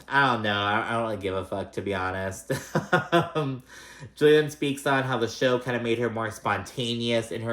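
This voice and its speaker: A man's voice: on the low side, a bit bright. A man giving a casual, gossipy reality TV recap, chatty and profane with plenty of fillers. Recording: roomy echo.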